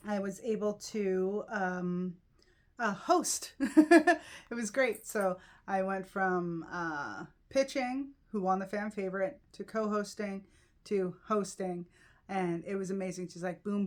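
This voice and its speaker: A woman comedian and event host chatting casually in a vlog, animated, with lots of fillers and laughter. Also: mid-range voice, takes it slowly. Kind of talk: casual vlog chat about mementos.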